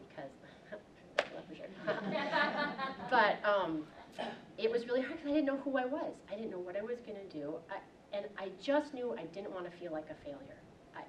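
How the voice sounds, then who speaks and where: A woman in her forties from Wisconsin, a branding coach giving a personal storytelling talk, lively and acting out the lines she quotes. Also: fairly low pitch. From Wisconsin, USA. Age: 40s. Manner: animated storyteller who acts out quotes. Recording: roomy echo from far off, faint hiss.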